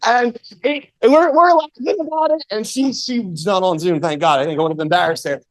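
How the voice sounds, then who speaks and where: A man working as MC, introducing the next speaker with an energetic, laughing story. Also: sits high, moderate pace. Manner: energetic, laughing, theatrical retelling.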